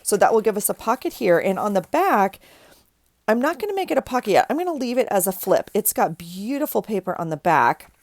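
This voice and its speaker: A woman's voice: medium pitch, very animated, fairly quick, no room sound, studio quality. A middle-aged woman with a stuffy nose from crying, chatting casually through a craft tutorial, rambling with frequent restarts. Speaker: crafting vlogger.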